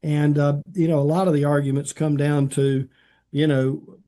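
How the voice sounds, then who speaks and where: A man's voice: on the high side, little pitch movement, moderate pace, warm tone. A man co-hosting a talk show, explaining policy details in a hesitant way with many fillers. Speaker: podcast co-host. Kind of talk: conversational policy commentary.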